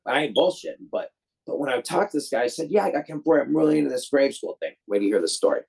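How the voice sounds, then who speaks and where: A man's voice: mid-range voice, lively intonation, quick pace, creaky, darkish tone, slightly rough, low-quality recording. A man from Detroit, a guest filmmaker, telling a long story in a loose, rambling way and acting out the voices of the people in it. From Detroit, USA. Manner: rambling, acts out quoted voices; loose, many fillers and restarts. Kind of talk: casual storytelling.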